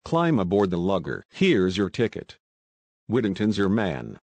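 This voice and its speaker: A man voicing a brisk, urgent young British man in a storybook reading. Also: low voice, very animated, darkish tone, dry recording, full character voice.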